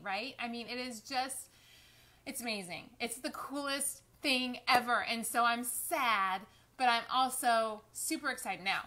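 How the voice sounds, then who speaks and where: A woman, chatting on a live stream and fighting back tears. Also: a little high. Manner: warm, chatty, emotional, addresses viewers as y'all. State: close to tears. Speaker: lifestyle vlogger. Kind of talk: casual live-stream chat.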